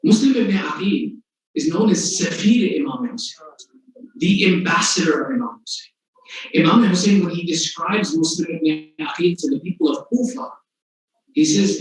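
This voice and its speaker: High-pitched guy preaching, telling stories and acting out quotes, super echoey hall, mic kinda far off. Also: lively intonation. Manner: earnest storytelling, acts out quotes, slows for emphasis. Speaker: sheikh giving a religious lecture. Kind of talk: sermon. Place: large congregation hall.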